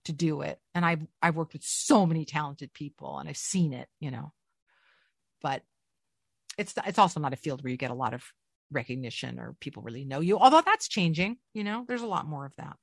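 A middle-aged woman voice actor, chatting as an interview guest and telling self-deprecating stories in an animated way. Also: low voice, fairly quick, vocal fry, breathy edge, no room sound, studio quality. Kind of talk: casual interview chat.

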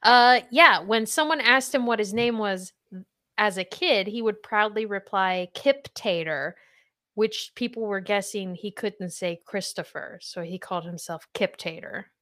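A woman in her thirties who hosts a podcast, chatting casually and quizzing her guest with lively swings in pitch. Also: normal speed. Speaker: podcast host. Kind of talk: casual chat.

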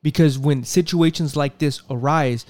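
A man's voice: on the high side, moderate pace, a little mellow, no echo. A man hosting a podcast, ranting with profanity and exasperation and repeating himself as he comments on a press briefing. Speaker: podcast host.

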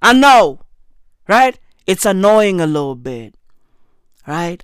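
A woman's voice: on the low side, slow pace, pauses often, clear, resonant tone, dry recording, clean studio sound. A woman doing a rambling, profane comic monologue, constantly calling the listener "bruv". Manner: animated, rambling, profane, keeps saying "bruv". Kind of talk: comedic monologue.

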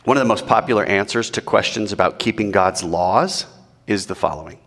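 A man preaching in an animated, rhetorical way and asking the audience questions. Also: fairly low pitch, brisk, long reverb tail. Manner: animated, rhetorical, mock-quoting. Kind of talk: sermon.

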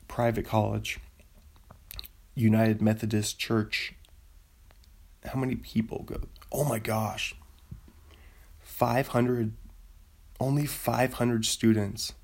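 Casual male vlogger, relaxed slow pace, raspy fry, musing over numbers and laughing at himself. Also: mid-range voice. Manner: thinks aloud, easily amazed, laughs at himself. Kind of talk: casual commentary while looking up sports stats.

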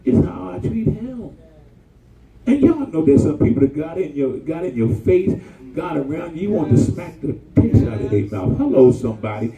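Lively, high-pitched man preaching a sermon. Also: moderate pace, reverberant, distant mic, muffled recording. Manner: animated, colloquial, calls out to the congregation.

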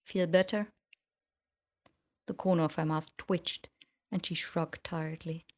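A woman reading fiction aloud as audiobook narrator, measured and subdued. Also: low-pitched, level tone.

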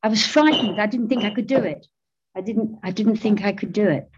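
A woman's voice: mid-range voice, brisk, highs cut off, noisy background. A middle-aged woman giving a personal recovery testimony, candid and self-mocking, laughing often as she talks. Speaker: speaker sharing recovery story.

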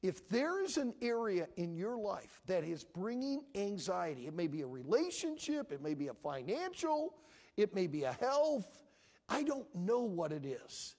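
A husky man preaches an altar call in a church, his pitch rising and falling freely as he pleads. He speaks earnestly, voicing the prayers his listeners might say. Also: very animated, moderate pace, a little mellow. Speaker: pastor. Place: church sanctuary.

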